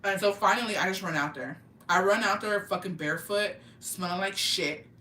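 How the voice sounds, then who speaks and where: A young woman telling a story in an animated, profane, slang-filled way for a vlog, in an echoey room. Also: mid-range voice, normal speed. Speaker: vlogger. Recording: echoey room, mic at a distance, faint ambience.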